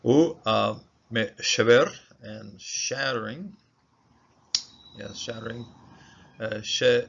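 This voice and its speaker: A man teaching a Bible passage word by word in a halting, informal way, sounding out Hebrew words and checking in with "okay?" after each point. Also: mid-range voice, gravelly. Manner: halting, many fillers and repeated "okay?" checks. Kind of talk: informal verse-by-verse lesson. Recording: dull, lo-fi recording with faint noise.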